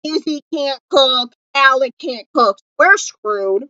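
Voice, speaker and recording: Bubbly high-voiced woman gushing to camera. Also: animated, takes it slowly, pushed and bright, smooth, no echo, muffled recording. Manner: gushing, dramatic, lots of "like" and fillers. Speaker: vlogger reviewing a TV episode. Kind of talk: excited fan review chat. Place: indoors at home.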